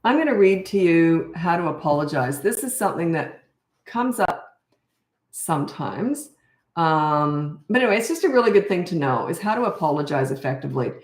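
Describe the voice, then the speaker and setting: A woman's voice: on the low side, lively intonation, moderate pace. A middle-aged woman parenting coach talking casually through a live Q&A. She is tired and chatty, and often drifts off on tangents. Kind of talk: live Q&A chat. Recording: roomy echo.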